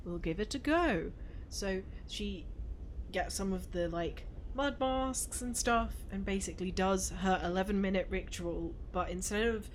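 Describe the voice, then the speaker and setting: A woman playing a tabletop game who chats and rambles, full of "like"s and "um"s. She talks at a middling pitch, in an easy, everyday voice. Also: a little slow, a little hiss or hum. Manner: chatty, rambling, lots of "like" and "um". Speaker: player.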